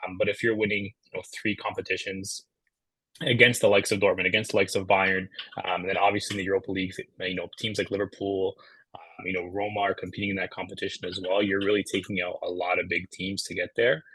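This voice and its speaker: Male podcast guest, deep and bright-edged voice, quick and filler-heavy, dry sound. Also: little pitch movement, slightly rough, dry recording, rough recording. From Canada. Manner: fast, heavy on fillers like "you know". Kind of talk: casual podcast chat.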